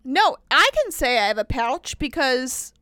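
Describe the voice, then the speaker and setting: Sassy high-pitched woman on a podcast, cussing and teasing, dry close sound. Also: unhurried, no echo. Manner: sassy, swearing, animated teasing. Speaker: podcast co-host. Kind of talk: casual chat.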